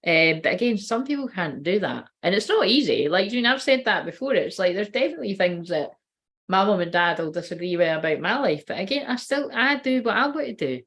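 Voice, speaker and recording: A woman's voice: medium pitch, very animated, brisk, fairly bright tone. A woman in her late thirties giving a casual live-stream card reading, rambling, swearing freely and breaking off mid-sentence. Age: late 30s. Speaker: oracle card reader.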